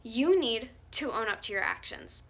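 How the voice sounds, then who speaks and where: A woman's voice: a little high, animated, normal speed, a bit bright. A young woman delivering a heated, confrontational rant straight to the camera, swearing often. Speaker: vlogger calling someone out. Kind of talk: angry direct-to-camera rant.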